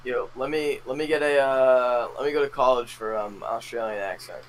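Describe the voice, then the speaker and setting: A man's voice: medium pitch, fairly even intonation, normal speed, a little hiss or hum. A man co-hosting a casual podcast, playful and giggly as he talks. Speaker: podcast co-host.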